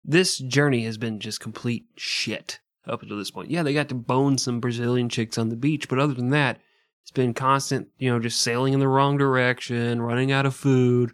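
A man's voice: mid-range voice, steady tone, normal speed, clean tone, dry recording, clean studio sound. A man co-hosting a comedic history podcast, riffing, laughing often and acting out silly scenes. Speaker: podcast co-host. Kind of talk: crude comedic history chat.

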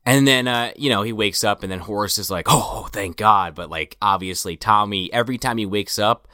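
A man's voice: fairly low pitch, fairly quick, sharp tone, smooth, no room sound, studio quality. A man co-hosting a podcast, casually recapping a TV episode and popping into quoted voices. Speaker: podcast co-host.

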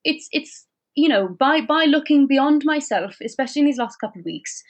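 A woman's voice: high voice, expressive, fairly quick, pitched above the performer's own voice. A woman talking in a put-on Welsh accent, chatty and rambling in casual conversation. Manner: chatty, rambling, sing-song. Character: young woman telling her week in a mock Welsh lilt. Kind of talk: casual chat.

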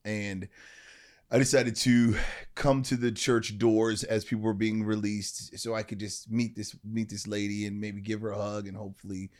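A man's voice: lowish voice, flat delivery, normal speed, a little mellow. A middle-aged man, a motivational speaker, telling a personal story as an interview guest in an earnest way, often checking in with "right?" and "you know".

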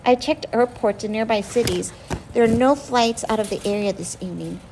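A woman's voice: on the high side, a little fast, noisy background, lightly acted. A woman reading the lines of a polite, apologetic airline gate agent in a story.

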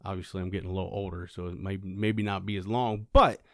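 A man's voice: low voice, fairly even intonation, quick pace, dry recording, clean studio sound. A young adult man co-hosting a podcast, chatting casually and rambling with lots of fillers. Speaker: podcast co-host. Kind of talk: casual chat.

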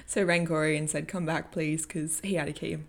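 A woman's voice: sits low, steady tone, brisk, gravelly. A young woman vlogger telling a story and giving coaching tips in a candid, casual way, swearing freely and laughing often. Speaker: personal growth vlogger.

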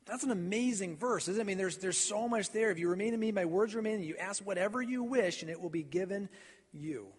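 High-voiced preacher in a reverberant church. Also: male voice, fast, slightly rough. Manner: earnest, repeats and stumbles on words. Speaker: pastor. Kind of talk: sermon. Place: church sanctuary.

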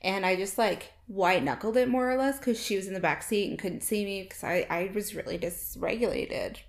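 A woman's voice: medium pitch, a little fast, gravelly. A woman in her thirties, a mother co-hosting a podcast, chatting casually and telling a story full of "like". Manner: chatty storyteller, frequent filler "like". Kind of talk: casual chat, anecdote telling.

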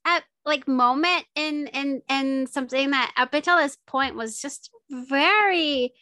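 A young woman chatting as a podcast co-host, with a high voice. She is giggly and loose, full of fillers. The sound is dry and close. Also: measured pace, sharp tone, dry recording. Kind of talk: casual chat.

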